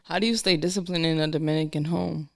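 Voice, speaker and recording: Chatty woman co-host, lowish voice. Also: steady tone, vocal fry. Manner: chatty, teasing, quick reactions. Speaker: podcast co-host. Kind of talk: casual chat.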